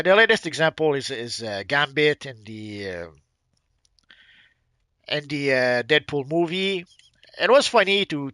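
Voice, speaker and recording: French-Canadian man, bright, rambling. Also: on the high side, dry recording, clean studio sound. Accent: Quebec French. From Quebec, Canada. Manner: rambling, answers viewers' chat. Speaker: game streamer. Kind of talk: live-stream chat.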